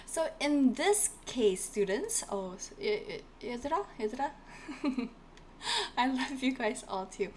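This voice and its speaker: A woman's voice: high voice, expressive, moderate pace, darkish tone. A woman runs a live-streamed language class, drilling each word again and again. She talks animatedly and chats with her viewers. A faint hiss sits under her voice. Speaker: Korean language teacher.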